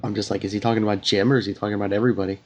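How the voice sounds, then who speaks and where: A man's voice: fairly low pitch, flat delivery, racing. A man co-hosting a podcast, chatting casually and musing in rambling, restarting sentences. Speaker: podcast co-host. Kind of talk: casual TV review chat.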